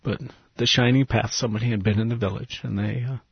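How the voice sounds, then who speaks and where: A man with a lowish, husky voice tells an earnest personal story as a guest in an interview, sinking to hushed tones at the tender parts. The recording is dry and a little dull, like lo-fi audio. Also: fairly even intonation, quick pace, dry recording. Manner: earnest, drops to a hushed, breathy voice at tender moments. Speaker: missionary guest. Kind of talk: emotional storytelling testimony.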